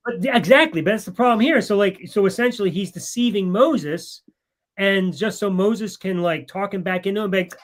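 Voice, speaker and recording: A man with a fairly high voice co-hosts a podcast in a casual back-and-forth. He sounds wry, laughs easily, and puts on voices to make his points. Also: moderate pace. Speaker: podcast co-host. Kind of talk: casual critical discussion.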